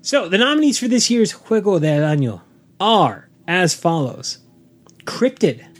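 A man's voice: sits high, very animated, unhurried. A man co-hosting a podcast, reading board game news in a playful way and joking around. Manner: playful, quotes movie lines and jokes around. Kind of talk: casual chat about board game news.

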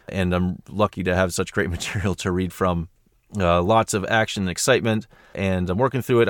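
Rambling American man with a low voice. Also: clear, resonant tone, no echo, clean studio sound. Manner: rambling, lots of fillers and restarts. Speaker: audiobook narrator guest. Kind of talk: casual podcast chat.

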